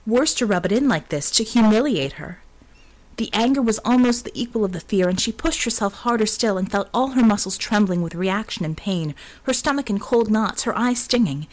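A woman narrating an audiobook in a steady, expressive reading voice. Her pitch sits in the middle of the usual range. The delivery is scripted and even. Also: normal speed.

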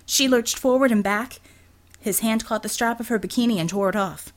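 A woman reading an action novel aloud as audiobook narrator, steady and expressive. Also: fairly high pitch, moderate pace. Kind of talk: scripted narration.

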